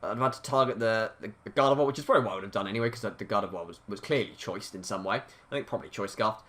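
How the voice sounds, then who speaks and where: A man giving excitable live commentary over his own competitive video game battle. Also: on the low side, rapid-fire. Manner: excitable, hyping up big plays.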